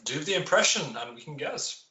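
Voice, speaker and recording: An upbeat man hosts a casual interview and is quick to laugh. His voice is bright and forceful at a middle pitch. The audio sounds roomy and dull. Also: big pitch swings. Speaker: podcast host.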